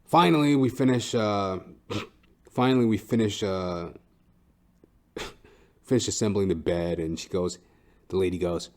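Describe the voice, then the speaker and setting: A man's voice: low-pitched, normal speed, long pauses. A man hosting a podcast, telling a comic story in a profane, ranting way with frequent "right?". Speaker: podcast host.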